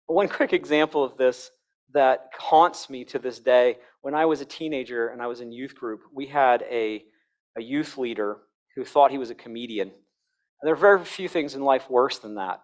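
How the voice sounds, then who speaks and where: Humorous middle-aged man lecturing. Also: medium pitch. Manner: conversational, humorous lecturing with self-deprecating asides; demonstrates tones of voice and sings examples aloud. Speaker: conference speaker. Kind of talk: Christian worldview conference talk.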